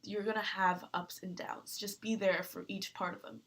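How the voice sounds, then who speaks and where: A young woman talking earnestly in a personal vlog, halting with fillers and close to tears. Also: medium pitch, flat delivery, fairly bright tone. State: tearful. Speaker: vlogger.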